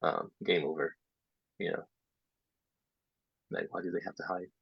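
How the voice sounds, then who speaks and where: A low-voiced man with a gravelly, husky tone talks teachers through a lesson in a relaxed way, now and then sinking into soft half-whispered asides. The sound is dull and lo-fi, dry and close. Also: a little slow, no echo. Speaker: English teacher trainer. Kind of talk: casual workshop talk.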